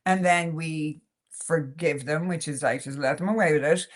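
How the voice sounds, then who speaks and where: A woman's voice: low-pitched, normal speed. A woman with an Irish accent, a podcast guest who talks frankly and animatedly in a casual interview, full of "like" and "you know" fillers. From Ireland. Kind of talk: candid conversational interview.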